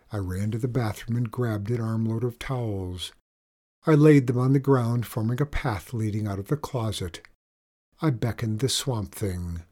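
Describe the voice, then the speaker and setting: A man narrating a first-person story aloud in a measured, unhurried storytelling manner. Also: mid-range voice, warm tone. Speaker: audiobook reader.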